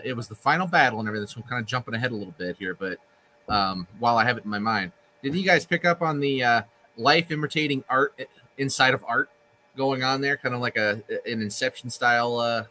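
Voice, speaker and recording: A man's voice: medium pitch, sharp tone, slight background noise. A man in a casual book discussion, talking in a rambling, hesitant way and swearing casually.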